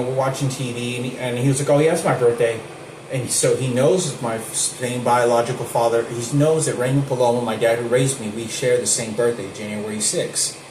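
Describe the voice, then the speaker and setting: A man talks through a personal account in a loose, rambling way, circling back and repeating himself with insistence. His voice sits at an ordinary pitch for a man and bounces around a hard, echoey room. A steady air-conditioning hum runs underneath. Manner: repetitive, restarts sentences, insistent. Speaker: vlogger.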